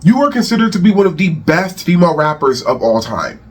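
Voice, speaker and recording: A man's voice: on the high side, very animated, fairly quick, husky. A man hosting a rant channel, delivering heated celebrity commentary with profanity and repeated phrases.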